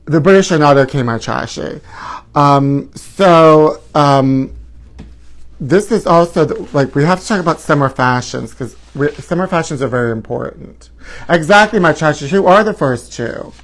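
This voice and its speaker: A man's voice: fairly high pitch, moderate pace. A man in his forties hosting a live gossip talk show, flamboyant and sassy, calling his viewers honey. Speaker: host.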